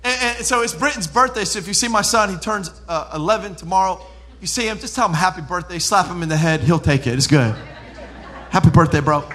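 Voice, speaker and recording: A man in his thirties preaching a sermon as pastor, animated, swinging from loud preaching to hushed storytelling. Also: high-pitched, fast.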